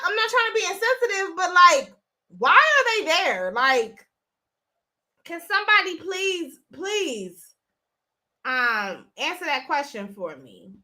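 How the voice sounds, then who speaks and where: A woman's voice: extremely high pitch, sing-song, slow pace, bright, forceful tone. A woman hosting a live stream, talking casually and bluntly to her viewers and swearing freely. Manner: chatty, blunt, profane. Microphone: phone.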